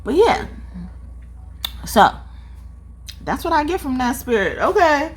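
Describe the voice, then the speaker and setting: Animated, profane woman reading tarot. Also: sits high, takes it slowly. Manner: animated, profane, laughs often. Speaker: tarot reader.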